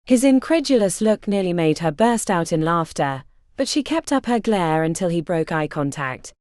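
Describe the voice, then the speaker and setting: A woman narrating a fantasy audiobook in an expressive storytelling style. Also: lowish voice, moderate pace, no echo, clean studio sound.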